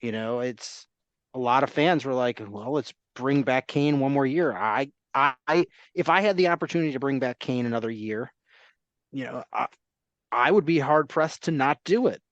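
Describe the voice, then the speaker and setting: A man's voice: medium pitch, normal speed, a bit bright, no room sound, highs cut off. A man hosting a casual sports talk podcast, rambling and restarting his sentences. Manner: rambling, self-interrupting, laughs easily.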